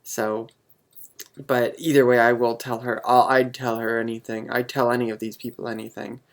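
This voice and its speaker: Halting, earnest young man vlogging. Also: mid-range voice, little pitch movement. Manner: hesitant, halting, full of ums; earnest and openly emotional. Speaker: vlogger answering viewer questions. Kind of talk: casual chat to camera.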